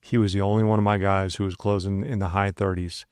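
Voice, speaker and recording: A man's voice: low voice, flat delivery, fast talker, darkish tone, clear, resonant tone, no room sound, clean studio sound. A man co-hosting a podcast, telling a work story in a loose, conversational way and acting out the dialogue in his own voice. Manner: loose and conversational, with frequent asides. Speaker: podcast co-host. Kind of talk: casual storytelling chat.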